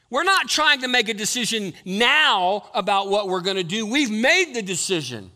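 Guy preaching in a church, high bright voice, gets loud and fired up then drops down low. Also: sing-song, normal speed, few pauses. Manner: impassioned preaching, rising loud on key lines, dropping low to explain. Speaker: pastor. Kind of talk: sermon. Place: church sanctuary.

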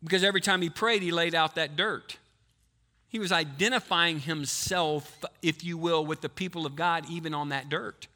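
A male pastor preaching a sermon to a live congregation, quizzing the people and switching between quick talk and slow emphasis. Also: a little high, sharp tone. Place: church before a live congregation.

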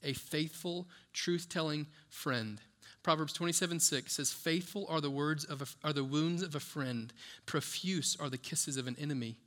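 A man's voice: on the high side, normal speed, fairly bright tone. A man preaching a sermon as pastor, conversational and full of rhetorical questions to the congregation. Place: church.

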